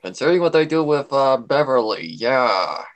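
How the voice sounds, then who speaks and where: A man's voice: mid-range voice, sing-song, moderate pace. A man chatting casually on a livestream, a voice actor who jumps between voices to demonstrate them.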